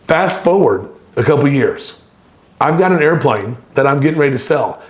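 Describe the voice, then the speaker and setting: A middle-aged man presenting a course lesson, telling a personal story with lively acted-out dialogue. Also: medium pitch, normal speed. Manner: animated storyteller, acts out dialogue.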